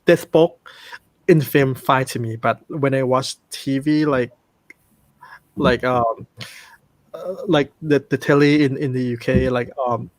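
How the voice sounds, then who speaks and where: A man from Thailand speaking English with a Thai accent, chatting casually with many pauses and restarts. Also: medium pitch, fairly even intonation, no room sound. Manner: hesitant, many ums and restarts. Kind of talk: casual chat.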